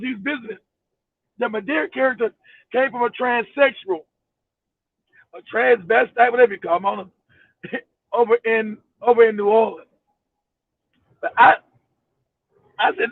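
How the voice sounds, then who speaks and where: A man's voice: extremely high pitch, gravelly, dry recording. A man from Los Angeles hosting a casual podcast chat, a profane storyteller who laughs as he talks, heard over a tinny phone-like line. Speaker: host.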